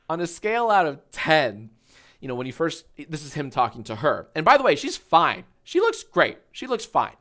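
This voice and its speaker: A man's voice: on the high side, bright, forceful tone. A man in his thirties chatting casually on a livestream, telling a story with swearing and frequent laughter. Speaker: streamer.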